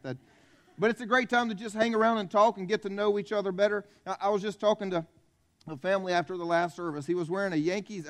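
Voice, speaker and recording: A man from South Carolina, preaching a folksy, conversational Christmas Eve sermon in a church. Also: high-pitched. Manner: conversational, folksy, jokes with the congregation. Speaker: pastor.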